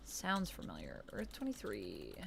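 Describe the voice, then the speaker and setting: A woman's voice: rumbling low, wildly swooping pitch, a little slow, gravelly, fairly bright tone, a little hiss or hum. A woman hosting a casual livestream, chatting enthusiastically about comics and reading out viewer comments as she answers them. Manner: enthusiastic comic-book fan talk. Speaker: livestream host. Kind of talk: casual chat.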